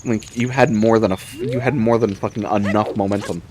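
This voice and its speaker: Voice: medium pitch, steady tone, brisk, a little mellow, a little hiss or hum. A streamer giving casual running commentary on a game, talking to themself and swearing often as things go wrong. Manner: swears often, talks to self while playing.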